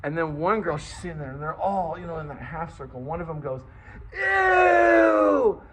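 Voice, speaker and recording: Animated, slightly high-voiced storyteller man. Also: fast talker, slight background noise, poor audio. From Liverpool, England. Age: 40s. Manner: animated, swears freely, self-mocking. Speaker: vlogger telling a childhood story. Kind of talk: casual storytelling.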